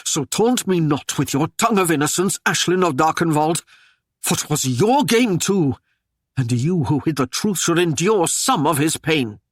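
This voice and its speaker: A man's voice: fairly high pitch, lively intonation, normal speed, dry recording, clean studio sound. A man voicing a stern, commanding Norman warlord who speaks in harsh, old-fashioned phrases. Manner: harsh, commanding, archaic speech.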